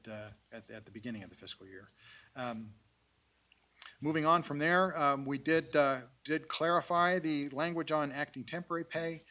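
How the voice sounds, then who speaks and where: A man briefing a city council in a formal meeting. He talks in halting stretches full of fillers and repeated words, at a steady middle pitch. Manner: halting, many fillers and restarts. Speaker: city staff presenter. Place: council chamber.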